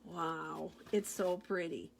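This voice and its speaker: A woman's voice: fairly low pitch, steady tone, takes it slowly, vocal fry, slight background noise. A woman demonstrating stamping supplies in a chatty, gushing show-and-tell, repeating her praise of each item. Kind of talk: casual product show-and-tell.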